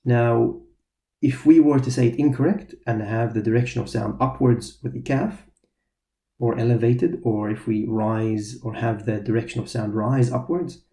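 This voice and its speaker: A man teaching a recorded lesson, calmly explaining and sounding out letters loudly and slowly to contrast them. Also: mid-range voice. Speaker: tajweed teacher.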